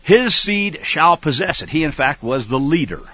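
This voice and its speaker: A high, bright male voice with a husky edge, preaching with emphasis. His pitch leaps and dips as he hammers points home and fires off rhetorical questions. The recording is dull and lo-fi. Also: sing-song, normal speed, no echo. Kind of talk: sermon.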